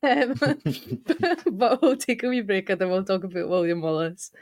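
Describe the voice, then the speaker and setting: A woman's voice: mid-range voice, animated, normal speed, darkish tone, soft background music. A woman hosting a history podcast, chatting casually and wryly before introducing the episode's topic. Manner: laughs often, chatty and wry. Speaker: podcast host, history presenter. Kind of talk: casual chat.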